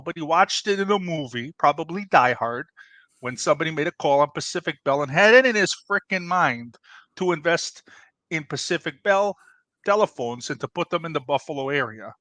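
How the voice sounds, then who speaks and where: A man's voice: on the high side, a bit bright, no room sound. A man playing a brash, bossy middle-aged pizzeria owner, who scolds and talks over his partner in a comedy debate. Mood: scolding.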